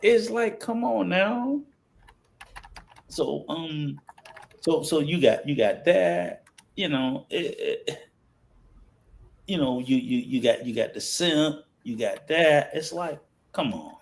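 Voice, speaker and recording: A man in his fifties chatting casually on a podcast, halting with many fillers and restarts, then ranting with heat. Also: a little high, expressive, gravelly. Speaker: podcast host.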